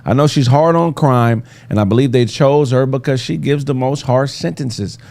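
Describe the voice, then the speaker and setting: Gravelly man hosting a casual podcast. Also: mid-range voice, moderate pace, a little mellow. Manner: loose and joking, reads out facts. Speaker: podcast host. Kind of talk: casual chat.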